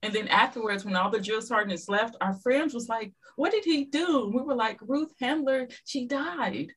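A woman's voice: fairly high pitch, normal speed, breathy edge, poor audio. A woman guest in a casual podcast chat, telling stories and acting out dialogue. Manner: lively storyteller who acts out dialogue.

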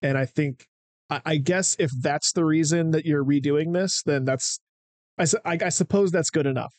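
A man's voice: a little high, normal speed, darkish tone, dry recording. Skeptical man on a movie podcast. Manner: skeptical, casual, repeats himself with filler. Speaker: podcast co-host. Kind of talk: casual movie podcast chat.

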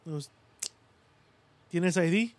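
A man's voice: sits high, slow. A man in his thirties co-hosting a podcast, telling crude stories with lots of swearing and quoted voices. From Puerto Rico. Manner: profane storytelling, mimics people in quotes. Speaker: podcast co-host. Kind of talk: casual chat.

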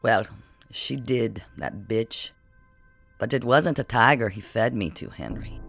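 A man reading the lines of a strange ageless boy who talks in a crisp, odd accent and an unsettling matter-of-fact way, in an audiobook. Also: mid-range voice, lively intonation, measured pace, a bit bright, faint music behind, heavily acted. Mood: scornful.

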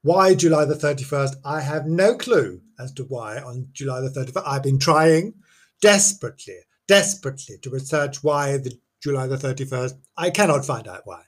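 A man's voice: medium pitch, animated, normal speed. A man telling a local ghost legend in a chatty, playful way, full of theatrical asides and exclamations. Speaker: folklore storyteller. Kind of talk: casual folklore storytelling.

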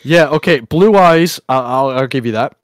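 A man's voice: medium pitch, normal speed, no echo, studio quality. A man hosting a casual podcast chat, rambling and provocative, often breaking into laughter.

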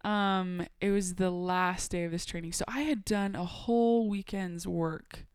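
A young adult woman on a podcast telling a personal story in a casual, animated way. She laughs often and acts out the dialogue she quotes. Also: on the low side, unhurried, smooth, no echo, studio quality. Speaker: podcast guest.

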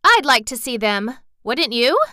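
A woman's voice: on the high side, big pitch swings, a little slow, sharp tone, dry recording, studio quality, voice pushed up, full character voice. A woman reading aloud, voicing an eager, cheerful little girl from a storybook in an earnest, lifted voice.

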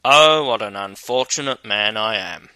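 A man voicing a gruff, stubborn cart driver in a fairy tale, in a grumbling manner. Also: on the low side, unhurried, bright, forceful tone, dry recording. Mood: despairing.

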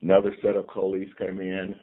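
A man in his sixties from California, a team chaplain calmly telling stories from his life as a podcast guest. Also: sits low, brisk. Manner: calm, reflective storyteller. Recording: tinny phone-like remote line.

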